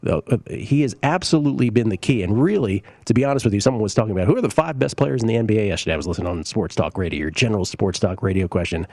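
A man's voice: lowish voice, racing, vocal fry, hardly any pauses, darkish tone, dry recording, clean studio sound. Opinionated man hosting a sports betting show. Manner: opinionated, conversational, with fillers and asides. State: coughing, briefly choked up. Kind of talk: casual sports betting talk, reading listener tweets.

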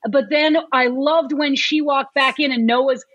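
A woman guest on a podcast, giving animated opinions in casual chat. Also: high voice, a little slow, dry recording. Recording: dull lo-fi sound.

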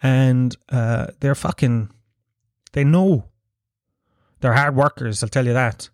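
Rambling, swearing Irish podcast host. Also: male voice, medium pitch, slow pace, no echo, studio quality. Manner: rambling, profane, jokey. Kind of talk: casual solo podcast chat.

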